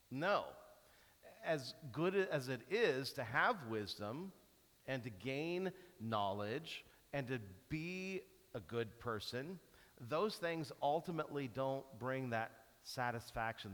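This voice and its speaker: A man preaching a sermon as pastor, telling stories and acting out the cheers and groans of a sports fan. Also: mid-range voice. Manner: animated storytelling, acts out cheering and groaning. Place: large church hall. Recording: hall reverb from a church.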